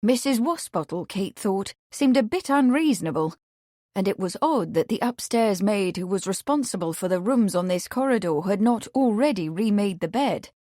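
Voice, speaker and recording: A woman reading a mystery audiobook in scripted narration with a steady, even delivery. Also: mid-range voice, normal speed, dry recording, studio quality.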